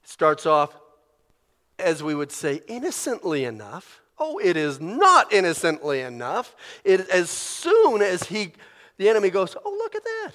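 A male preacher giving a sermon in an animated, conversational way, often acting out inner voices. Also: high-pitched, unhurried. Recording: long reverb of a large hall.

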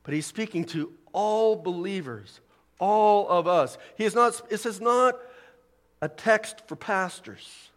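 A man's voice: high voice, slow, long reverb tail. A man preaching a sermon as pastor, building to emphatic peaks. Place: church sanctuary.

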